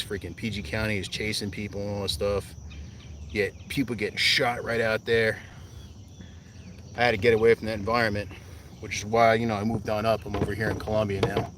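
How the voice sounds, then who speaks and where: Man from New Jersey, low-pitched, easygoing fishing streamer on a kayak; outdoor insect noise in the background. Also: a bit bright, distant mic. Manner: laid-back, rambling, talks to viewers while fishing. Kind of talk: casual live-stream chat.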